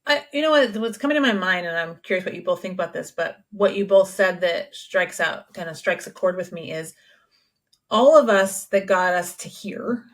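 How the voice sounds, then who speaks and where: A woman co-hosting a podcast, talking in a lively, animated way and sometimes putting on mock voices to make a point. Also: fairly low pitch, normal speed. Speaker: podcast co-host. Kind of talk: casual conversational podcast.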